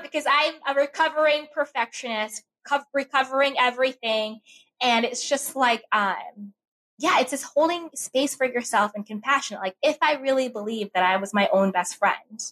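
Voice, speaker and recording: A woman in casual podcast conversation, telling personal stories and acting out her inner voice. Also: fairly high pitch. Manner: animated storytelling with acted-out inner voices.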